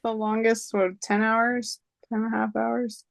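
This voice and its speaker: A woman's voice: a little high, little pitch movement, measured pace, creaky, a crowd in the background. A woman in her thirties, a podcast guest, recounting a personal story in casual chat, acting out dialogue with lots of fillers.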